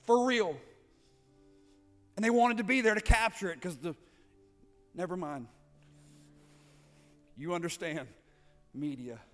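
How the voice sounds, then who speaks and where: A man's voice: high voice, slow pace, long pauses, a bit bright, faint music behind. A man preaching a sermon, building up with repeated phrases and rhetorical questions. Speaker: pastor.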